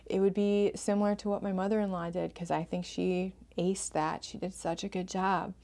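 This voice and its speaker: A woman's voice: medium pitch, level tone, moderate pace, mellow. A woman hosting an advice podcast as a family therapist, talking earnestly and repeating phrases for emphasis.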